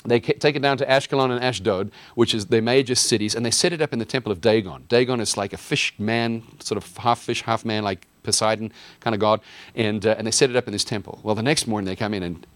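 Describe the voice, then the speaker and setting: A man's voice: on the low side, quick pace, no echo. A man teaching a casual Bible lesson from a map in an enthusiastic, chatty way, with fillers and restarts.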